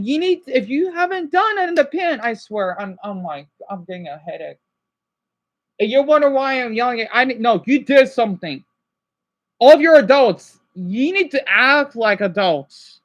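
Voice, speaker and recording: High-pitched guy scolding his stream chat, voice swinging up and down, tired and fed up. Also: fairly bright tone, lo-fi sound. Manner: agitated, exasperated scolding; tired, sighing. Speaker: livestreamer. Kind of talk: livestream rant to chat.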